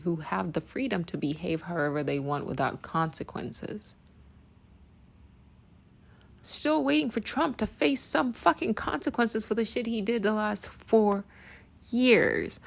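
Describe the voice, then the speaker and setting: Blunt, low, gravelly woman. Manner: blunt and profane, with frequent rhetorical "right?". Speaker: commentator. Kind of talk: direct-to-camera opinion monologue. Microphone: video call.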